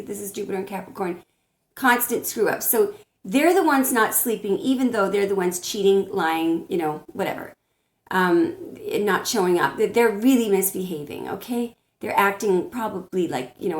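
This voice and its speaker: Woman tarot reader, blunt, repeats herself, mid pitch, roomy echo. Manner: blunt, repetitive, restarts often. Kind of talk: spiritual advice monologue.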